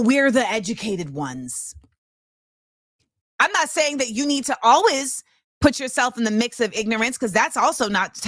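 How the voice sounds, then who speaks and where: Forceful high-pitched woman host. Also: no echo, studio quality. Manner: forceful, emphatic, repetitive rhetorical phrasing. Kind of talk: impassioned commentary monologue.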